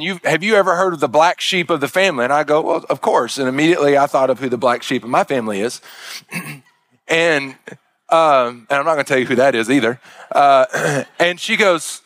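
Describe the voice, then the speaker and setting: A middle-aged man, a pastor, telling a story in a sermon with many halting restarts. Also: on the high side, fairly bright tone, no echo.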